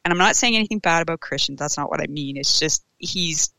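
A woman's voice: low voice, fast, creaky, bright, forceful tone, no room sound. A woman from western Canada co-hosting a casual podcast, giggly and self-deprecating.

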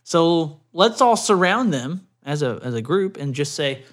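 A man co-hosting a casual podcast, reading out news stories and joking, often trailing off quietly. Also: sing-song, measured pace, hardly any pauses. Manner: bursts into loud high put-on chants and quotes, trails off quietly.

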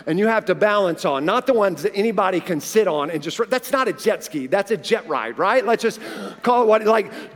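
A man in his forties, a pastor preaching a sermon, telling a personal story in an animated way and acting out the dialogue. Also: sits high, normal speed. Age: 40s. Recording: long reverb of a large hall.

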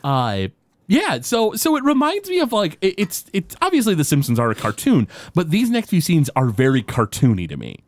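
A man co-hosting a podcast, excitedly recapping a cartoon episode with quick paraphrased quotes and frequent restarts. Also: on the high side, no echo. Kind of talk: casual chat.

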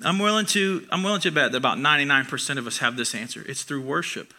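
A young man preaching a sermon in a conversational, self-deprecating way, booming loud for emphasis and then dropping to a soft near-whisper. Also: quick pace.

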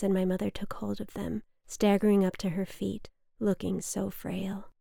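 Gravelly woman reading her story. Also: mid-range voice, mellow, no echo, clean studio sound. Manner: measured, wry, reflective. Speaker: memoir narrator. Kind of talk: reading a personal story aloud.

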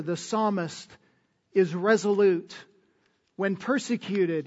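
A man delivering a sermon at a slow, deliberate pace, his high voice rising to loud emphatic peaks and sinking to soft, low endings. The recording is dull and lo-fi, with long reverb from a large hall. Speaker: preacher.

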